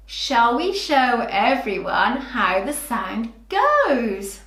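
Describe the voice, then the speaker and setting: A woman teacher giving a preschool phonics lesson, talking slowly to small children in a sing-song, animated way. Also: on the high side. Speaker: early years teacher. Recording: roomy echoey room.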